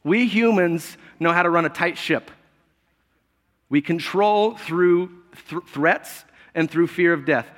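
A man delivers a casual, humorous sermon, laughing easily and stumbling over restarts. His voice sits a little high for a man. The sound carries a long reverb, as in a church sanctuary. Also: takes it slowly. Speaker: pastor.

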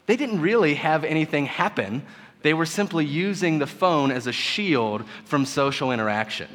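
A man in his thirties preaching a sermon, conversational and joking, with sudden loud emphasis. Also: on the high side, animated, moderate pace. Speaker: pastor. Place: church sanctuary. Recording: long hall reverb.

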